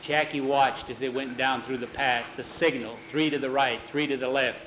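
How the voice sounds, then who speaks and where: A man telling a story aloud in plain, unhurried narration, with a roomy echo. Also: medium pitch, fairly even intonation, a bit bright, slight background noise. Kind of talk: oral storytelling. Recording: roomy echo, faint ambience.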